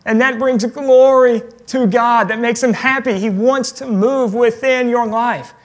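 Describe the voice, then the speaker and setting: A pastor preaching a sermon on prayer, in a conversational tone with light humor. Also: male voice, very high voice, moderate pace, few pauses.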